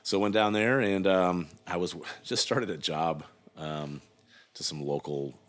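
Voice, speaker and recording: A man's voice: low voice, a little slow. A middle-aged man, a guest brewer, telling a long rambling story in a casual interview, full of fillers and acted-out quotes.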